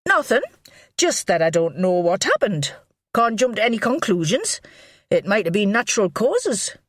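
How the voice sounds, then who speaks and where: A woman's voice: mid-range voice, very animated, normal speed, dry recording, voice pushed up. A woman reading an audiobook, voicing a shrewd middle-aged police inspector with a dry, needling way of talking. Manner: dry, needling and mock-innocent. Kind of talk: audiobook character voice.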